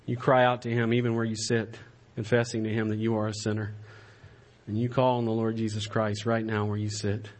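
A man preaching a sermon in a church, swinging from impassioned raised-voice exhortation to soft, pleading appeals. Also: fairly low pitch, little pitch movement, a little fast. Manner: impassioned preaching, shouting at climaxes then dropping to a soft plea. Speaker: pastor. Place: church sanctuary.

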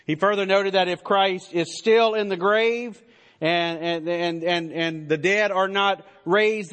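A man's voice: high voice, fairly bright tone. A man preaching a sermon as pastor, in an emphatic style that builds to stressed declarations.

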